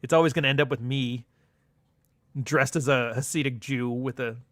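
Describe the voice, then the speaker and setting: A man's voice: medium pitch, fairly even intonation, moderate pace, a bit bright, no room sound. Sardonic man ranting on a stream. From Canada. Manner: sardonic, profane, rambling. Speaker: livestream host. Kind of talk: casual ranting monologue.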